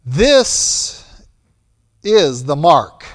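Pastor guy preaching, blunt, kinda high voice, big reverb from the church hall. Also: very animated, extremely slow. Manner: blunt, emphatic preaching that swings between loud and soft. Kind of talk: sermon.

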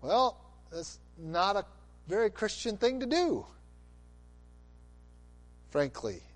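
Male preacher, slightly high voice, slow and deliberate, big dynamic swings, long hall reverb. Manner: expressive, swings from loud emphasis to quiet intensity. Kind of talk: sermon.

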